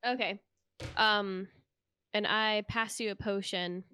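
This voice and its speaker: A woman's voice: mid-range voice, fairly even intonation, slow pace, bright, forceful tone, slight background noise. A woman playing a tabletop game, curious and giggly as she asks questions. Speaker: player. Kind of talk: casual tabletop play.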